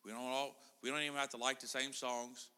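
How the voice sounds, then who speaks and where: Joking middle-aged preacher in a church hall. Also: male voice, medium pitch, level tone, brisk, bright, forceful tone, clear, resonant tone. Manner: chatty, joking with the congregation. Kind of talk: casual sermon.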